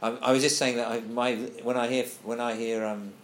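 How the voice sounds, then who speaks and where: A man's voice: medium pitch, level tone, fairly quick, a bit bright. A man leading a casual group discussion, thinking aloud and reading passages out to the group. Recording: echoey room, faint background noise.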